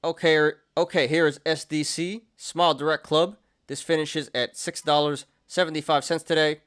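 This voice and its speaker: A man's voice: a little high, flat delivery, normal speed, fairly bright tone, clear, resonant tone. A young man hosting a market show, chatting casually through charts, often laughing and restarting his sentences. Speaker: stock and crypto show host.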